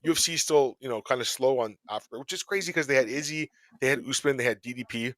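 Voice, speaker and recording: A man hosting a podcast in casual chat, rambling through topics with quick joking asides. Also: medium pitch, fairly bright tone, no room sound. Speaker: podcast host.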